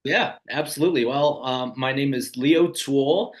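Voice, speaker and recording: Man in his thirties, laid-back podcast guest, middle-pitched, easygoing and rambling. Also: moderate pace, low-quality recording. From Colorado, USA. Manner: relaxed, rambling, lots of "you know" and "um". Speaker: guest, ski company founder. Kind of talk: casual interview chat.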